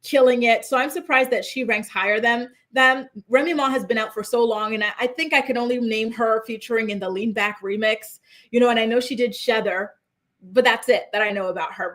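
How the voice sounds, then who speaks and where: A young woman hosting a casual pop culture chat, reading viewer comments aloud and rambling through animated asides. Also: a little high.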